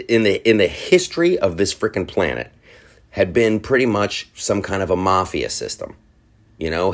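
A man hosting a podcast, talking in a rambling, animated solo monologue with frequent restarts and quick mimicked quotes. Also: low-pitched. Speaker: podcast host.

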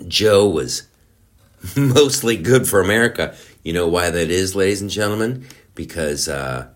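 A male host rambling through a casual, sarcastic comedic monologue, with many restarts. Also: deep voice. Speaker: show host.

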